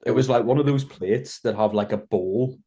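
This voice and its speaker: A man's voice: medium pitch, moderate pace, breathy edge. Young man bantering on a podcast. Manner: relaxed banter, swears, laughs. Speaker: podcast co-host, coach. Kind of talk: casual podcast chat.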